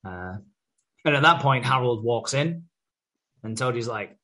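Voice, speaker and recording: A man's voice: medium pitch, lively intonation, normal speed, long pauses, sharp tone. A young man with an ordinary mid-range voice chatting on a podcast. He recaps soap episodes in a loose, sweary way. Now and then he briefly takes on the characters' voices as he goes. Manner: sweary, recaps scenes by acting out characters' lines. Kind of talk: casual chat.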